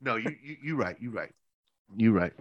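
A man who works in church leadership, chatting casually and telling animated stories, swearing freely and laughing often. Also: on the low side, moderate pace, dull audio. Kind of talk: casual chat, storytelling.

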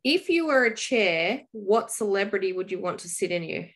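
A woman co-host in relaxed podcast chat. She teases her guests playfully. Her voice sits at a middle pitch. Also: moderate pace. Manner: playful, teasing.

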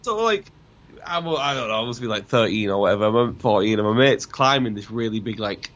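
A man's voice: lowish voice, animated, brisk, a bit bright, lo-fi sound. A man guesting on a podcast, a rambling storyteller who acts out the voices in his tale. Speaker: guest musician. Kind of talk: casual podcast chat.

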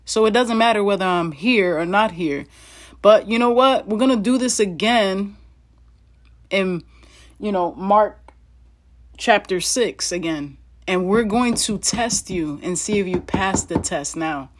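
A woman's voice: mid-range voice, a little slow. A woman reading Bible passages aloud and breaking off into chatty asides to her listeners, often laughing as she goes. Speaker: Bible teacher. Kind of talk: casual Bible reading with commentary.

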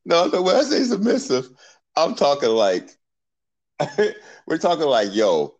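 A playful male podcast host who laughs easily as he talks. His pitch swings widely, which gives his speech an animated bounce. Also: unhurried, lo-fi sound. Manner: playful, laughs often, lively. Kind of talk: casual podcast debate.

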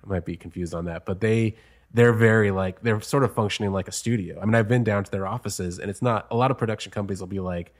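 Low-ish guy voice, screenwriter guest, chatty and easygoing, laughs a lot. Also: fast talker. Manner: chatty, laughs between stories. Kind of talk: casual interview chat.

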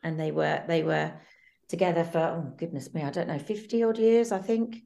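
A middle-aged woman speaks warmly in an interview, recalling family life. She often pauses on ums and starts her sentences again. Her voice sits low and has a gravelly, creaky texture. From England. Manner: warm, hesitant, many ums and restarts. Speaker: guest. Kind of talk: reflective interview chat.

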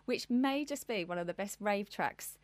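A woman's voice: medium pitch, lively intonation, moderate pace, dry recording. Giggly woman chatting about music. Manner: giggly, enthusiastic, rambling. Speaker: podcast co-host. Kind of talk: casual music chat.

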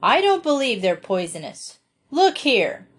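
A woman's voice: on the high side, sing-song, measured pace, husky, pitched above the performer's own voice, exaggerated voice. A woman doing Dan, a defiant boastful farm boy. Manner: loud and lofty, then groaning.

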